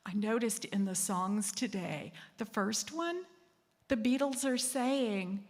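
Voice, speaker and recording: A woman's voice: fairly high pitch, takes it slowly, a little mellow, big-room sound. A woman hosting a secular assembly, talking conversationally, joking about herself and acting out quotes. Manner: conversational, self-deprecating, acts out quotes. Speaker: host.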